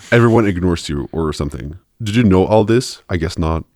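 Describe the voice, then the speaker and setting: A man's voice: sits low, animated, normal speed, a little mellow, dry recording, studio quality, pitched below the performer's own voice. A man reading out a post in the voice of a clueless, grumbling man, with a mock-earnest tone and small chuckles. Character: clueless grumbling cis man posting online.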